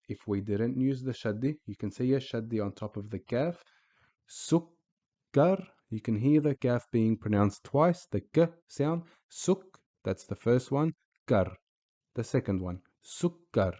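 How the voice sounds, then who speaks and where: A man teaching a lesson in a patient way, saying example words slowly and repeating them. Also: mid-range voice, mellow, no echo. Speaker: Arabic teacher. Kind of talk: recorded teaching voice-over.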